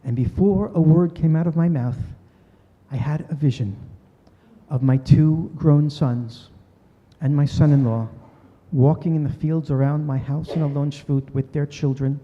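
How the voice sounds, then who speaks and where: An older man with a fairly high voice and a measured pace tells an earnest story during a talk, quoting people in their own voices. The audio is dull, recorded in a synagogue hall with lots of reverberation.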